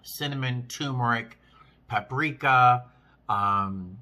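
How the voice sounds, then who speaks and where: Man, chatty vlogger, very bright voice, talks between bites, rambling restarts. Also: medium pitch, slow. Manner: chatty, chewing between sentences. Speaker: vlogger, flight attendant. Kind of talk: casual vlog while eating.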